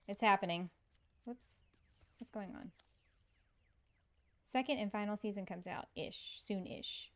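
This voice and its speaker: A woman chats her way through a cozy game stream, answering viewers and laughing easily. Her talk is loose and conversational, with quick asides. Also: mid-range voice, lively intonation. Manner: chatty, laughs often, reads and answers chat. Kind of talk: casual gaming stream chat.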